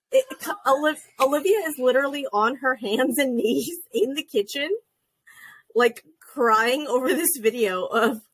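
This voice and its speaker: A young woman co-hosting a podcast in casual chat, animated and joking, swearing freely, on a video call. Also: a little high, breathy edge. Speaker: podcast co-host.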